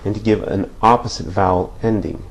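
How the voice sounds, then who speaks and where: This Spanish grammar teacher has a lowish voice with fairly even intonation and talks a little fast. Standing at a whiteboard, he explains things patiently, repeats himself, and checks in with an "okay?" after every point.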